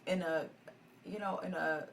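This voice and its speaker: A chatty, affirming woman co-hosting a podcast. Her voice is low and gravelly. She sounds a little distant from the mic, with faint noise underneath. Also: steady tone, a little slow. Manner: affirming, chatty, lots of agreeing. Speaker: podcast co-host. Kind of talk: casual chat.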